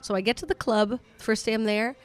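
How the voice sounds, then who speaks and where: A woman comedian telling a story as a podcast guest in casual chat, lively and swearing freely, with quick asides. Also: fairly high pitch.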